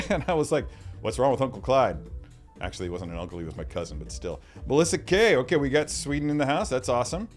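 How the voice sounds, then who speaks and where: A man's voice: mid-range voice, big pitch swings, quick pace, hardly any pauses, faint music behind. A man hosting a casual livestream, reading out viewer comments in a chatty way. He often repeats himself and trails off into mumbled asides. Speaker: livestream host.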